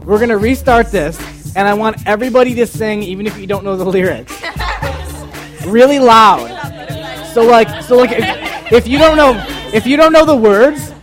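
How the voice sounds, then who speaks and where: Podcast host, man, high voice, playful and coaxing, faint music behind. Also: fairly quick, a faint crowd. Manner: joking, coaxing, repeats himself. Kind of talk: casual chat to a live group.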